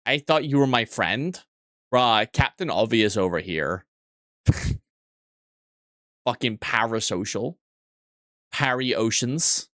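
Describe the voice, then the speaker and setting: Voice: mid-range voice, expressive, slow, pauses often, a bit bright, no echo, clean studio sound. A streamer chatting casually with viewers, joking crudely, swearing often and rambling through restarted sentences. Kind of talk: casual livestream chat with viewers.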